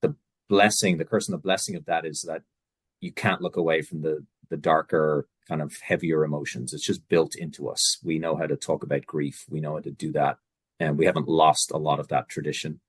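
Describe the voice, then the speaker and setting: A man from Ireland with an Irish accent, speaking softly and thoughtfully in a reflective conversation as host. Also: very deep voice, flat delivery, fairly quick, breathy edge, no echo.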